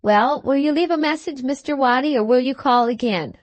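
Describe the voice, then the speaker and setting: Woman reading as a pettish, sly law clerk, impatient, lifted pitch. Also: fairly quick, no echo, close to an everyday voice. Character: petulant young male law clerk.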